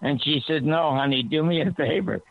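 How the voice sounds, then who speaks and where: A man on a talk radio show telling an animated story, his voice climbing high when he quotes himself. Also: moderate pace, gravelly. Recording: tinny phone-line sound, dry.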